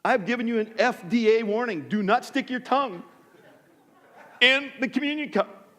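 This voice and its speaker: A man's voice: very high voice, moderate pace, long reverb tail. A middle-aged male pastor telling funny personal stories in a sermon, self-deprecating and acting out voices. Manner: animated storytelling, self-deprecating humor, acts out voices. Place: church sanctuary.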